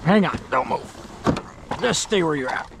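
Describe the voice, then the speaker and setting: A man's voice: fairly high pitch, lively intonation, measured pace, vocal fry, background noise. Wry joking man on a river. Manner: wry, joking self-deprecation. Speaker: fishing trip host. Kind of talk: casual outdoor vlog commentary. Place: outdoors on a river raft.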